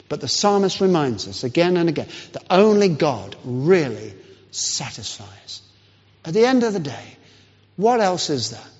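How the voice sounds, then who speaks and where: A man preaching a sermon, telling a story with pauses and restarts. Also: a little high, husky. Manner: storytelling, pauses and restarts, lively rise and fall. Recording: dull lo-fi sound in long hall reverb.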